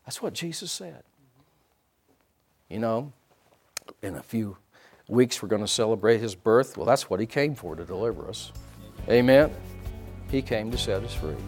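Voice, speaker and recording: A man preaching a sermon as pastor, asking his listeners for responses and swinging from hushed to loud. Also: on the low side, lively intonation, moderate pace, long pauses, breathy edge, soft background music. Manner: asks the congregation for responses.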